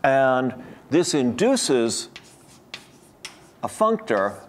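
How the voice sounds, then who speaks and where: A man's voice: medium pitch, sing-song, drawn-out words. A man giving an academic lecture to a room of listeners, thinking aloud with frequent restarts and repeated words.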